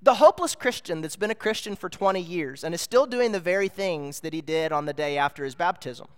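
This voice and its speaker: High-voiced preacher in a reverberant hall. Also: male voice, animated, brisk, a bit bright, clean tone. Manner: earnest, explanatory, rising to emphatic peaks. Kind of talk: sermon.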